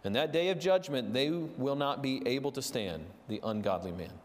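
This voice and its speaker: A man's voice: mid-range voice, lively intonation, normal speed. A man preaching a sermon, earnest and storytelling, with fillers and restarts. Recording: long reverb of a large hall.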